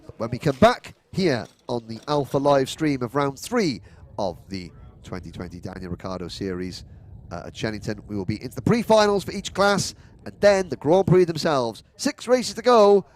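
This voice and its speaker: A man giving live race commentary on a karting event, rattling off positions and names and building excitement toward the finish. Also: mid-range voice, moderate pace.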